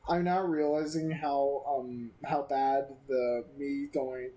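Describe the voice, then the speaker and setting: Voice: mid-range voice, steady tone, slow, dark tone, low-quality recording. A gaming video creator giving casual let's-play commentary, rambling and self-amused, with many fillers.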